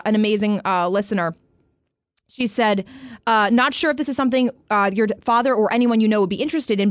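A woman's voice: on the high side, no room sound. A woman co-hosting a casual talk show, blunt and jokey, swearing freely. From Mexican heritage. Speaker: co-host. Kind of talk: casual radio show banter.

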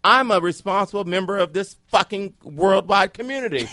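A man telling a comic story in boisterous, profane, animated chat. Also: high-pitched, fairly quick, few pauses, no echo.

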